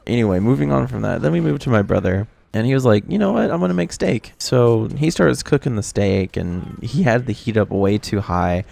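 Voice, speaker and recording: A young man with a low, gravelly voice tells a funny holiday story to his viewers. His delivery is animated and full of exaggerated reactions, like a relaxed storytime vlog. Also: moderate pace, few pauses. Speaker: video creator.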